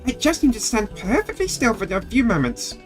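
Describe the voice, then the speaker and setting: Brief: a chirpy, eager helper girl in a game, high and very sing-song. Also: sing-song, a little fast, soft background music. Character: cheerful, bustling young woman helper. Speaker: game character. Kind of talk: video game dialogue.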